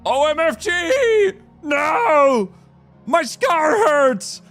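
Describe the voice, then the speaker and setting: A man's voice: very high-pitched, sing-song, drawn-out words, fairly bright tone, faint music behind, voice pushed up, exaggerated voice. A man voicing a hysterical, gloomy teenage vampire boy who wails in a strained voice. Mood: wailing.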